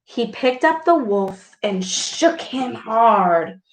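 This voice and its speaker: A woman reading a storybook aloud to children, expressive and full of gasps and exclamations. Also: fairly high pitch, takes it slowly. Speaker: speech clinician reading to children. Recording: echoey room.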